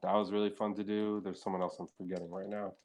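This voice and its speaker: Low-voiced man telling rambling stories. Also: little pitch movement, fast talker, darkish tone. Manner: rambling, profane, heavy use of filler "like". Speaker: podcast guest. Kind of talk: casual storytelling chat.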